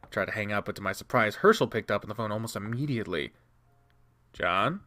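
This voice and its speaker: A man reading a visual novel aloud, narrating expressively with quick restarts. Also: fairly low pitch, fairly bright tone. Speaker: game reader.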